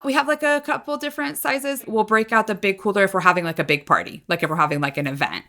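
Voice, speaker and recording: Bright-voiced woman co-hosting a food podcast. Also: medium pitch, fast. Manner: easygoing, many "like" fillers. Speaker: podcast co-host. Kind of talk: casual food podcast chat.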